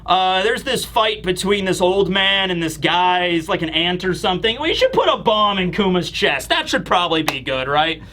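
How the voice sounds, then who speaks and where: A scheming elder official, as a man puts him on, makes his demands in an offhand way. The voice is fairly high and bright. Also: expressive, moderate pace, hardly any pauses, a little hiss or hum.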